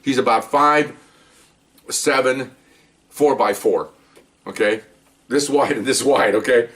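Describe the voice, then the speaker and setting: An older retired police officer rambles through stories in a casual monologue, frequently repeating words and checking in with "okay?" His mid-range voice is slow and fairly bright, and he sounds far from the microphone.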